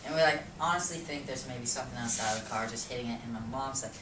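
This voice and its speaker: Low voiced woman, animated story, does the sound effects herself, roomy echo. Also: fast, background noise. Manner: animated, acts out sounds and quotes. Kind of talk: casual spoken personal story. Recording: echoey room, far from mic.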